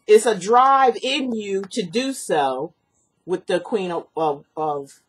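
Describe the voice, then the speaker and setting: A woman giving a personal tarot reading. She rambles earnestly, repeats herself, fills pauses with ums, and sniffles from allergies. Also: mid-range voice, lively intonation, slightly rough. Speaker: tarot reader.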